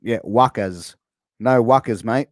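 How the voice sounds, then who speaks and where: A man's voice: on the low side, a little slow, dry recording, studio quality. A man with an Australian accent hosting a casual interview, playfully throwing out slangy phrases for his guest to guess. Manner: playful, drops into slangy catchphrases. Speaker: interview host.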